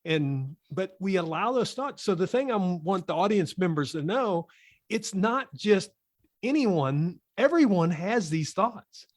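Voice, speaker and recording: A man with a fairly high voice hosts a podcast, recorded dry and close with no room sound. He asks casual questions that ramble and restart before he gets to the point. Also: animated, a little slow, dry recording. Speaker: podcast host.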